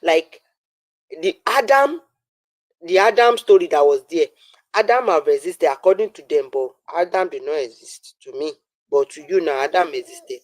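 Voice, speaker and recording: A man's voice: fairly high pitch, lively intonation, normal speed, dry recording, poor audio. A man with a Nigerian accent arguing on a live stream, pressing his point with repeated fillers. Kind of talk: heated live-stream debate.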